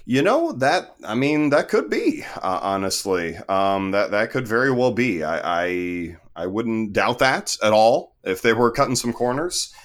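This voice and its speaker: A man co-hosting a casual film review chat, joking in a deadpan way. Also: on the low side, a little slow, few pauses. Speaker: podcast co-host.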